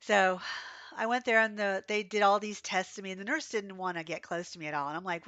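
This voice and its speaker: A woman streaming a game, hoarse and coughing from being sick, chatting and telling rambling stories as she plays. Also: mid-range voice, fairly even intonation, fast, a bit bright, no echo, lo-fi sound. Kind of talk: casual livestream chat while playing.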